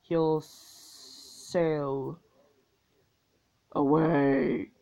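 A woman's voice: deep voice, flat delivery, very slow, gravelly, warm tone. A young woman giving casual commentary on a strategy game, talking loosely with lots of fillers and swearing. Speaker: gameplay commentator. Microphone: tablet's built-in mic.

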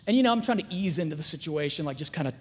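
A middle-aged man giving a storytelling talk in a school chapel, acting out the dialogue in lively character voices. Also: a little high, rapid-fire. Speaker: chapel speaker. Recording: echoey hall with long reverb.

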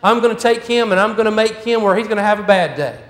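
A woman's voice: medium pitch, quick pace, natural voice. A man with a Southern US accent voicing a doting mother in a sermon story, coaxing and fussing over her boys. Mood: scheming. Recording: echoey church hall.

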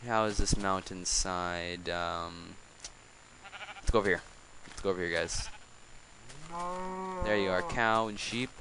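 A man's voice: low voice, fairly even intonation, a little slow, pauses often, background noise. A man giving casual gameplay commentary, coaxing animals along with exasperated, chatty asides. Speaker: let's play host.

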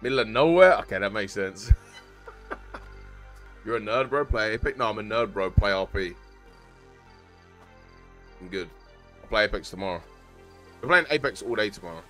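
A man's voice: fairly low pitch, moderate pace, long pauses, fairly bright tone, soft background music. A young man chatting casually with his live-stream viewers while gaming, joking around and using slang. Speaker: game streamer.

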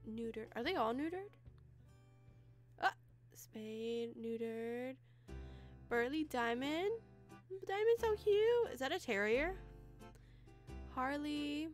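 A woman's voice: on the high side, slow pace, pauses often. A young woman casually commenting on her life-sim gameplay, chatty and giggly, talking straight to her viewers. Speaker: gaming video creator. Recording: music playing under the voice.

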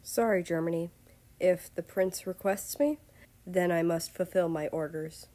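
A woman voicing a calm, reserved young male royal guard who speaks formally and evenly, in a low voice. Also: a little slow, natural voice. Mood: polite. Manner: formal, polite and even.

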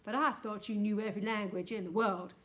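A woman's voice: medium pitch, steady tone, brisk, lightly acted. Woman doing a blustering childish president. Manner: petulant and loud.

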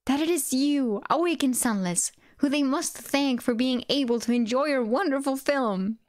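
A fawning male screenwriter gushes in a raised, bright voice, piling on overeager praise, as a woman reads him aloud. The sound is close and dry, with no room around it. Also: on the high side, a little fast, no echo, lightly acted. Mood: effusive.

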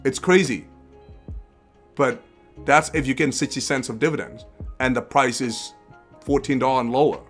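A man's voice: medium pitch, moderate pace, long pauses, fairly bright tone, faint music behind. A man hosting an investing livestream in a casual, rambling way, with restarts and rhetorical questions. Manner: rambling, repeats phrases, asks rhetorical questions.

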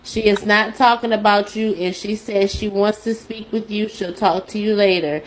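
A woman on a live stream calmly explaining a mix-up to the host. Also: mid-range voice, normal speed, low-quality recording. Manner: calm, clarifying explanation. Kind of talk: casual live stream chat.

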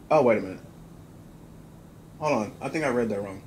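A man's voice: mid-range voice, sing-song, fairly quick, long pauses, a little hiss or hum, rough recording. A man hosting a video game playthrough, chatting along and reading the on-screen text aloud. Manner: chatty, reads on-screen text aloud, comments on small details. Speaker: gaming channel host. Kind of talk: let's play commentary.

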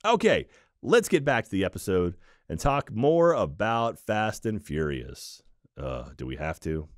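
A man's voice: lowish voice, big pitch swings, a little slow, no room sound, studio quality. A man hosting a podcast, chatting in a rambling, playful way with lots of restarts. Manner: rambling, playful, repeats himself. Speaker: podcast host. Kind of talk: casual podcast chat.

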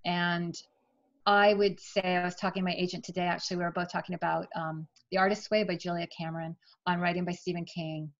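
A middle-aged woman, an author, telling the story of her writing career in a chatty, animated way during an interview. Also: lowish voice, a little fast, muffled recording. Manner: chatty, animated, emotional at times. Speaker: author guest.

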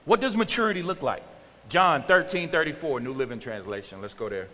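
A man in his forties, a youth pastor giving an animated sermon and acting out teenagers' talk. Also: fairly high pitch, a little fast. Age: 40s. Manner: animated, acts out teen slang with exaggerated voices. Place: church sanctuary. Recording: large hall with long reverb.

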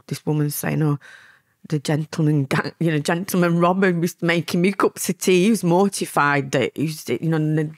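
A woman's voice: low-pitched, no room sound, studio quality. A woman in her fifties with a Lancashire accent, telling her life story as a guest in a candid interview, chatty and laughing often. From England. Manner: chatty, laughing, acts out quotes.

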